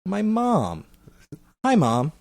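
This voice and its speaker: A man hosting a casual comics podcast, teasing his co-host and pausing often with fillers. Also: high voice, wildly swooping pitch, gravelly, a little mellow. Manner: playful, halting with many fillers. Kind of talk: casual roundtable chat.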